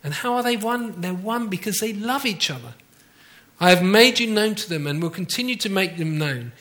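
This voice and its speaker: A middle-aged man delivers a warm, conversational sermon with a bright, forceful tone. His voice sits slightly high for a man, and he slows down to repeat his key lines. He keeps turning questions back to the congregation. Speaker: pastor.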